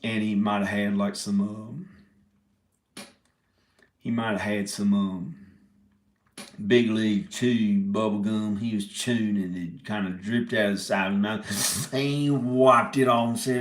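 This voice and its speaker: A man's voice: lowish voice, fairly even intonation, a little slow. A man telling a rambling comic story, stopping and restarting his words and giggling often. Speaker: video maker telling a story. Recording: echoey room.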